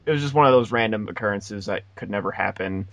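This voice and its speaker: A man's voice: fairly low pitch, fast, dry recording, dull audio. Young man telling rambling, sarcastic stories. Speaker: podcast host. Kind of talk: casual chat.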